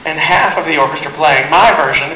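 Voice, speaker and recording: High-voiced guy teasing the crowd from stage, echoey hall, loud audience. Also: a little fast, a little hiss or hum. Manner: teasing, joking, chatty. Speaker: performer and bandleader. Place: live concert hall. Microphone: stage microphone.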